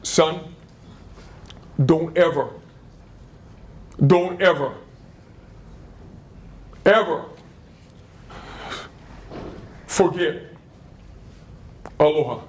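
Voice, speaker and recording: A stern but tender grandmother, voiced by a man telling a story hands down a lesson in a slow, deliberate voice. The tone sits light and high, and she repeats her key words for weight. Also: close to an everyday voice. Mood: earnest. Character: older Hawaiian grandmother, firm and loving.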